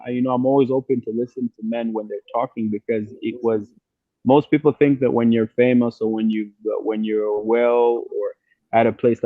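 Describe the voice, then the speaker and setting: A man talking thoughtfully about his work, often restarting his sentences with fillers. He sounds as if he is on a tinny, phone-like line, and the sound is very dry, with no room echo. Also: mid-range voice. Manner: reflective, many restarts and fillers. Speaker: musician guest. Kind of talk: casual interview talk. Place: outdoors.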